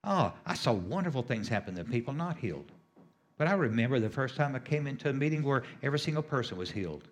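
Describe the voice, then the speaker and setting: A man's voice: medium pitch, sing-song, quick pace. A middle-aged man preaching a sermon as a healing minister, emphatic and repetitive, with sudden rises on key phrases.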